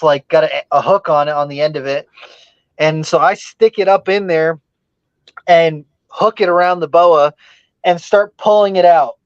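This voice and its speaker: Animated storytelling man, dry dull sound. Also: high-pitched, clear, resonant tone, dry recording. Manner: animated, swears freely, lots of "like" fillers. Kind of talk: casual podcast storytelling.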